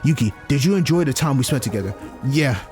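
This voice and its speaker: A man's voice: mid-range voice, expressive, quick pace, a little mellow, faint music behind, lightly acted. Male streamer reading a firm, caring older mentor figure in a fan game, in his plain voice.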